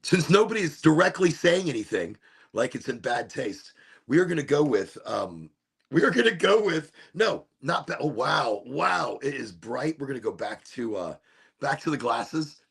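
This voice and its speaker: A man hosting his own podcast, rambling in a relaxed, playful and self-amused way. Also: mid-range voice, moderate pace, vocal fry, breathy edge. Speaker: podcast host. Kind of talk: casual stoned monologue.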